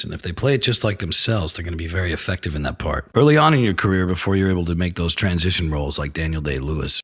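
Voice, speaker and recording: Deep husky man giving blunt advice. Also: fairly bright tone. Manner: frank, wry, blunt advice to actors. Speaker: film director and acting coach, radio segment host. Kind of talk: advice segment on a radio show.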